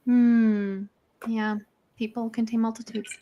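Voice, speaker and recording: A woman's voice: fairly high pitch, little pitch movement, slow pace, mellow, lo-fi sound, slight background noise. A woman hosting a casual livestream chat, reading viewer comments aloud and talking through her goals. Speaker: livestream host.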